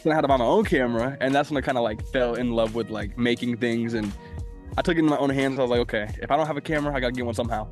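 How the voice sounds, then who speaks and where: A man in his twenties from Minnesota, a guest on a podcast, tells his story in a relaxed, conversational way. His voice sits at a mid pitch, with faint music beneath. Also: very fast. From Minnesota, USA. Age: 20s. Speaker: guest, video producer. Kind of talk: casual interview storytelling.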